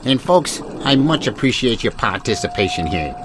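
A man's voice: medium pitch, big pitch swings, moderate pace, background noise. A man hosting a mock news broadcast in a hammy, rambling, folksy announcer manner. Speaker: comedy news host.

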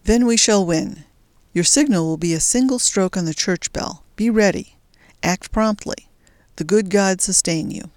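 A woman's voice: mid-range voice, unhurried, a little mellow, no echo, clean studio sound, close to an everyday voice. A woman voicing an earnest young male resistance fighter who speaks with urgency. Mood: urgent.

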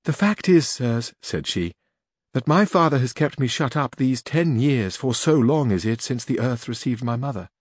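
A man's voice: mid-range voice, lively intonation, normal speed, slightly rough, no room sound, studio quality, voice pushed up. A man reading aloud voices a shy young noblewoman in disguise who speaks in modest, tearful confusion. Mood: tearful pleading.

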